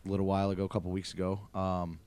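Earnest, low-voiced male musician. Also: monotone, racing, darkish tone, clear, resonant tone. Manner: earnest, eager, a little hesitant with restarts. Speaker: musician guest, band member. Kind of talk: casual chat interview.

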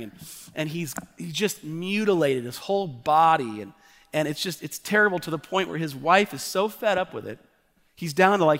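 A man's voice: a little high, a bit bright. A male pastor preaching a fervent sermon, often restarting his sentences and stepping into asides. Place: church sanctuary. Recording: long church hall reverb.

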